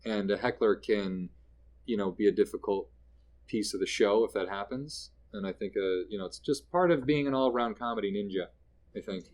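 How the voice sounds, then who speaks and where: Canadian comedian guy chatting on an interview, animated, does little voices for people in his stories. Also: on the low side, brisk. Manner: animated, acts out quoted people mid-story. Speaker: guest comedian. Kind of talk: casual interview storytelling.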